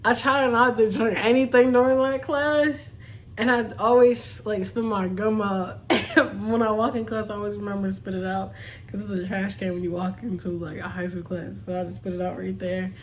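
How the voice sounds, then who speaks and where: A woman's voice: mid-range voice, steady tone, moderate pace, slight background noise. A young woman chatting casually to her viewers, laughing often and calling them y'all. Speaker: vlogger. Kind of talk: casual storytime chat.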